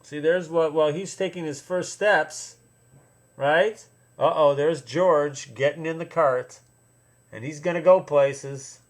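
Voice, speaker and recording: A man reading a picture book aloud to his children, playful and drawn-out, stopping often to point things out and comment. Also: on the high side.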